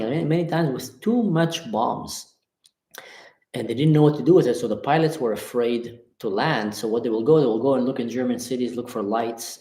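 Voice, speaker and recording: Impassioned male livestream host, mid pitch, reverberant room. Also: darkish tone. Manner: impassioned, emphatic. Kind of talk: live chat reading comments. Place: Germany.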